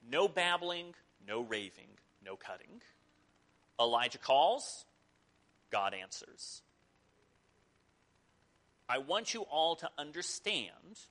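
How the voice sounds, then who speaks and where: A male pastor preaching, his voice swinging widely in pitch as he retells a scripture story. He has a bright, forceful tone and drops into playful, mocking asides. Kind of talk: sermon.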